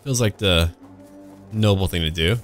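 Deep-voiced man joking through a game. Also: normal speed. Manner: sarcastic, jokey running commentary. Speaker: gaming YouTuber. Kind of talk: let's play commentary. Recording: voice over loud game music.

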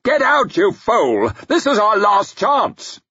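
A man's voice: high-pitched, huge pitch swings, takes it slowly, sharp tone, husky, highs cut off, pitched above the performer's own voice, full character voice. A man voicing a furious, haughty male church leader who snarls.

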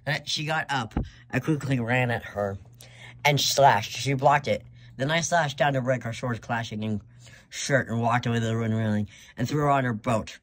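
A man's voice: mid-range voice, normal speed, fairly bright tone, a little hiss or hum. A man reading his own fanfiction aloud in first person, hesitant with frequent restarts. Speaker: fanfiction reader.

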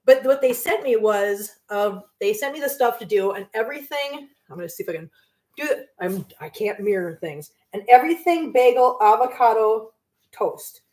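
A woman's voice: a little high, animated, moderate pace, darkish tone, echoey room. A middle-aged woman hosting a casual cooking livestream from her home kitchen, chatty and rambling, often laughing and cooing at her cats. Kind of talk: casual chat while cooking live.

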